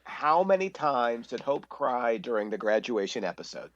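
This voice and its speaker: A man hosting a casual podcast quiz, playful and reading out answer options slowly and deliberately. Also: medium pitch, very animated, dry recording, highs cut off. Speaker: quiz host.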